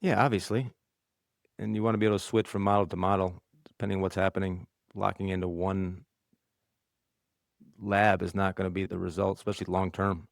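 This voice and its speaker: A man co-hosting a podcast, talking in a relaxed, offhand way. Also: low voice, fairly quick, gravelly, long pauses, no echo, clean studio sound. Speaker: podcast co-host. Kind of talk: casual chat.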